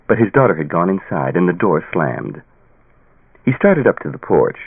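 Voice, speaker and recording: A man narrating a fantasy audiobook in a measured, expressive reading. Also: sits low, gravelly, breathy edge, dry recording. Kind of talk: scripted narration. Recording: tinny phone-like dry sound.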